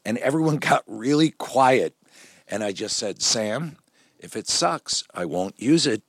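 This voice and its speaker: Man, film director, storytelling, animated impressions, mid pitch, dry close sound. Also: measured pace, no room sound. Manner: animated storyteller, quotes people in voices. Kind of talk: conversational anecdotes.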